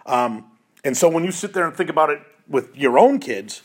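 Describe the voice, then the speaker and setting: A man's voice: a little high, expressive, moderate pace, husky. A middle-aged man hosting a lacrosse show, speaking in an earnest, pleading monologue and often repeating himself. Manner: pleading, emotional, repeats phrases and restarts.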